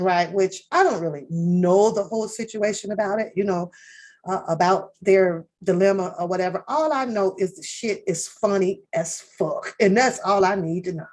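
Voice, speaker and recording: A woman's voice: mid-range voice, a little mellow. A woman hosting a reaction channel, rambling through casual commentary on a reality show with lots of swearing, restarts and laughter. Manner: rambling, profane, laughs often, many restarts.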